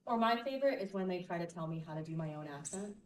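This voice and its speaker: A woman's voice: on the low side, lively intonation, quick pace, a little hiss or hum. Wry British woman in echoey hall. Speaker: voice actor panelist. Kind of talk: casual panel talk. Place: large convention hall. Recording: echoey hall, mic far off.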